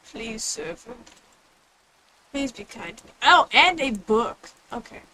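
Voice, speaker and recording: A woman's voice: fairly high pitch, big pitch swings, slow, pushed and bright, a little hiss or hum, low-quality recording. A woman streaming a game, chatting casually in a rambling way and answering chat. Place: home room with others nearby.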